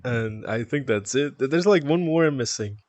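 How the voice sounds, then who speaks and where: A man's voice: mid-range voice, animated, normal speed, a little mellow, no room sound, muffled recording. A man from Toronto with a Canadian accent, chatting casually on a live stream, reading chat aloud, rambling and laughing often.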